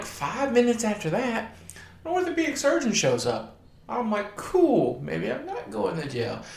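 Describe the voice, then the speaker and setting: A man's voice: mid-range voice, reverberant. Wry man rambling through a story. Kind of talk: casual personal anecdote.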